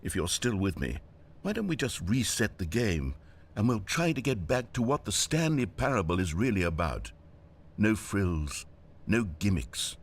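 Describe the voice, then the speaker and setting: A man's voice: fairly low pitch, sing-song, normal speed. An actor playing a sardonic male game narrator with a British accent, speaking in a dry, theatrical, mock-indignant manner.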